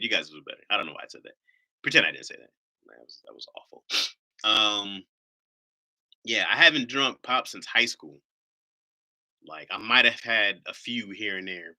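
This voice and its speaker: Joking, rambling man with a bright voice. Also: on the low side. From Ohio. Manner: rambling, joking, swears freely. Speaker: live streamer host. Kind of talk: casual live-stream chat.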